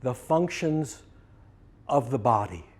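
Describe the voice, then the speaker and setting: A man's voice: mid-range voice, big pitch swings. Guy quoting his delirious old dad, broken repeated bits, voice jumping all over. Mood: subdued. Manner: halting, repeating words in fragments. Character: delirious elderly father in intensive care.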